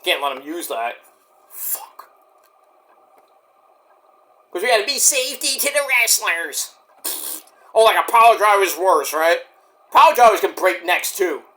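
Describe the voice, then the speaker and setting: A man's voice: high voice, expressive, normal speed, bright, forceful tone. A man reviewing shows, giving rambling, profane running commentary as he watches. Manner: rambling, profane, talks to himself about the action. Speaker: show reviewer.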